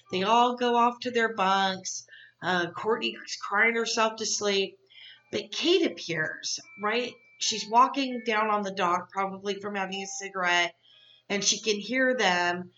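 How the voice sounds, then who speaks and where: A woman's voice: medium pitch, sharp tone, highs cut off. A woman hosting a casual recap podcast, candid and gossipy, rambling with frank asides. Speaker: podcast host.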